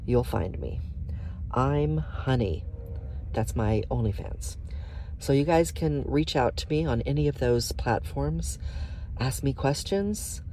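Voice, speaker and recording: Slow, mellow-voiced woman podcaster. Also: very deep voice, animated, a little hiss or hum. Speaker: podcast host. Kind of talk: intimate casual podcast monologue.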